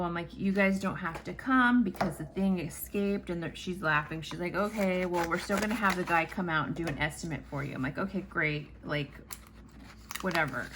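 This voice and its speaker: Chatty woman vlogger, lower voice, rambling and animated story, a little room noise behind. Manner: rambling, animated, casual swearing. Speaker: planner vlogger. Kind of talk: chatty storytelling while crafting.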